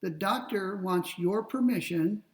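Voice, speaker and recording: A man lecturing on ethics, explaining step by step in a deliberate way and slowing down to read quoted passages. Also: high-pitched, distant mic, poor audio. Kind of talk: classroom lecture.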